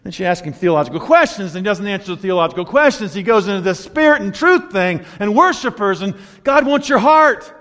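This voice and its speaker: Animated male preacher in a hall. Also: high-pitched, a little fast, few pauses. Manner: animated storytelling, acting out quoted voices. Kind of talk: sermon.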